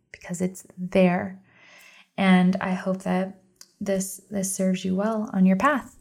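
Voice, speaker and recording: A woman's voice: medium pitch, creaky, darkish tone. A woman in her thirties hosting a solo podcast, talking earnestly and encouragingly about trust and surrender. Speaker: podcast host.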